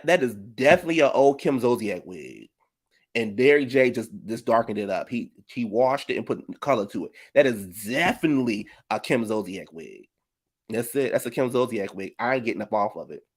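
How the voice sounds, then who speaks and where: A man giving a sassy reality TV reunion recap, flamboyant, shady and theatrical. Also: medium pitch. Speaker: reality TV commentator.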